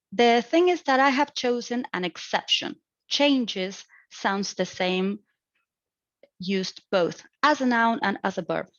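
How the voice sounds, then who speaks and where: A young woman student reading out her prepared phonetics presentation for an exam, explaining in a measured way with a few hesitant fillers. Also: medium pitch, no echo. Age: young adult. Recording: dry, dull lo-fi sound.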